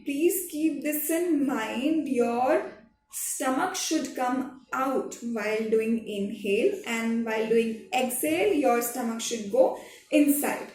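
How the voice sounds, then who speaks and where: A woman, a drama teacher giving a slow, patient online lesson to children, repeating each step. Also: a little high, darkish tone. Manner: slow, repetitive, patient instruction. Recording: echoey room, recorded from some distance, faint music behind.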